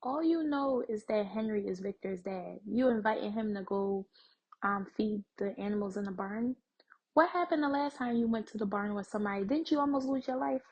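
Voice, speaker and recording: This is a young adult woman hosting a reaction video, her voice slightly husky and breathy at an ordinary middle pitch. She talks straight to her audience in a relaxed, conversational way. She muses through her theories with frequent fillers. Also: moderate pace, highs cut off. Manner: chatty, addresses viewers directly, thinks aloud with fillers. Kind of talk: casual TV reaction commentary.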